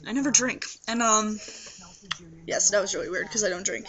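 A young trans man with a high voice and a scratchy throat, rambling tiredly to the camera in a casual video diary. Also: brisk, sharp tone. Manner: rambling, tired, many fillers. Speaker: video blogger. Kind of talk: casual vlog monologue.

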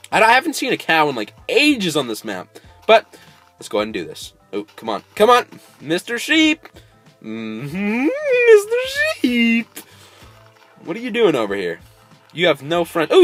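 An excitable man chatting through a gameplay video, coaxing animals along and breaking into sudden squeals of delight. His voice sits a bit high and swings dramatically between low mutters and shrill peaks. Faint game music plays in the background. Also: no room sound. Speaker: gameplay host. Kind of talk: casual let's-play commentary.

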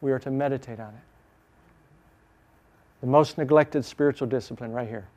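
In a Bible class, a man from Chicago reads scripture back slowly and emphatically, one phrase at a time, before breaking into brisk, animated explanation. He speaks in a mid-range voice.

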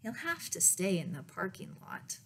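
A woman's voice: lowish voice, huge pitch swings, normal speed, gravelly, a little hiss or hum, heavily acted. A woman voicing a worried, exasperated mother in a picture book read-aloud. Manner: exasperated exclaiming.

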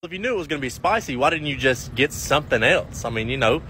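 Fast-talking, blunt questioning man. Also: medium pitch, expressive, bright, forceful tone, a little hiss or hum. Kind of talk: comedy sketch acting.

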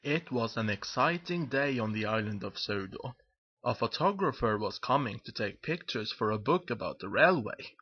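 A man narrating a children's picture book aloud in a lively, expressive storytelling manner. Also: medium pitch, normal speed, breathy edge, highs cut off.

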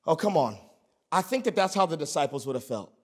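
Thirtysomething guy preaching, high voice, jokey and animated, does voices. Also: a little fast. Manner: animated, comic, acts out voices. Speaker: pastor. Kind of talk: sermon. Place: empty building, no audience present.

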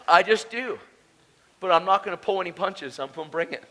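A man preaching at a conference with passion and emotion, his voice swinging between loud declarations and hushed, tender moments. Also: sits high, fairly quick, poor audio. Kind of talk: conference sermon. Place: conference hall.

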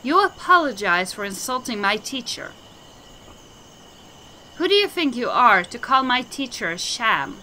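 A woman's voice: a little high, big pitch swings, measured pace, long pauses, pushed and bright, slight background noise, exaggerated voice. A woman voicing a hot-tempered young girl who fiercely defends her teacher and scolds whoever insults him. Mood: indignant. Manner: indignant, scolding. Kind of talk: game dialogue voicing.

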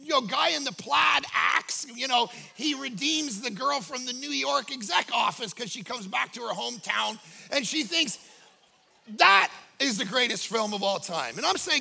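Animated high-voiced gravelly male preacher. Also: measured pace. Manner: animated, jokey, acts out quoted voices. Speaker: pastor. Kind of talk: humorous sermon storytelling.

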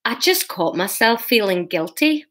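A woman's voice: medium pitch, a little slow. Woman putting on a giddy young Scottish man. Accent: Scottish, put on. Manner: grinning and relaxed.

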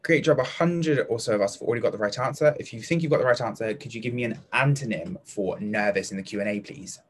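A man's voice: fairly low pitch, fast talker, slight background noise. A young British man teaching a live online lesson to children, cheerfully praising pupils by name in a chatty way with plenty of fillers. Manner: upbeat and encouraging, reads out pupils' answers by name.

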